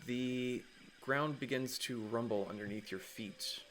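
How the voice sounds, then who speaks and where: A man's voice: mid-range voice, unhurried, a bit bright, slight background noise. A man narrating as game master of a tabletop game over a voice call, loose and casual, with fillers and the odd curse.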